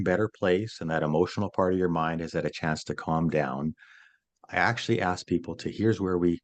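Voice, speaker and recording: A man answering an interview question as a stress coach, earnestly explaining his approach and often repeating words as he starts a thought. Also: very deep voice.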